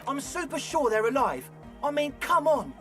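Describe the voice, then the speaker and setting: A high-voiced laid-back young raver. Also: male voice, big pitch swings, moderate pace, music in the background. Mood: easygoing. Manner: casual, laid-back reassurance. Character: earnest young raver, easygoing and hopeful. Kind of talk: game dialogue.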